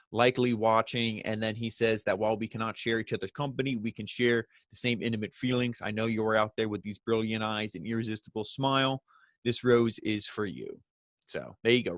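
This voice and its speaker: A man's voice: on the low side, fairly bright tone, no room sound, studio quality. A man recapping a wrestling show in casual talk, rambling and restarting sentences, briefly acting out what the wrestlers said. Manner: rambling, restarts mid-sentence, acts out quotes.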